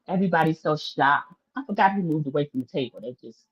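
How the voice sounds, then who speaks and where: A woman's voice: low voice, fast, few pauses, breathy edge, lo-fi sound. A woman hosting a casual livestream recap of a reality show, chatty and opinionated, talking straight to her viewers.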